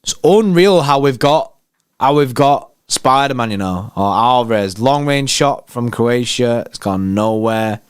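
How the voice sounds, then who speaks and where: A man's voice: mid-range voice, measured pace, smooth, no room sound. Brief: male fan-channel host, hyped slangy watchalong banter, resonant voice, dry close sound. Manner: excitable, slangy, banter with chat. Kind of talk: live match watchalong commentary.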